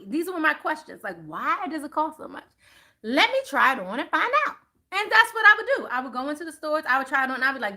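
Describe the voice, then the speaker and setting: A woman hosting a spiritual card-reading live stream. She chats casually with her viewers, calls them y'all, and gets animated and louder on the points she stresses. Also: high-pitched, quick pace. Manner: chatty and animated, rising louder on emphasis.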